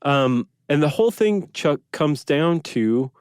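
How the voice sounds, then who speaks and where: A man's voice: fairly high pitch, animated, takes it slowly, darkish tone, smooth, no echo, clean studio sound. A man co-hosting a podcast, explaining facts in curious, conversational casual chat. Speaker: podcast co-host.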